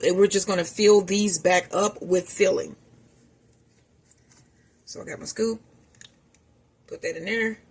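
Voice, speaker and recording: A woman's voice: on the low side, creaky, a little hiss or hum. A woman chatting casually to her viewers while she cooks in her home kitchen, calling them y'all. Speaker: home cooking vlogger. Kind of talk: casual cooking vlog narration.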